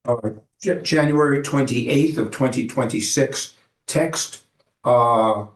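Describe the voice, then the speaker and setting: A male defense attorney questions his client in court, stopping often on filler sounds between his questions. His voice sits in the middle range. The courtroom echo is clearly heard around him. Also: medium pitch. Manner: halting, many filler pauses. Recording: echoey courtroom.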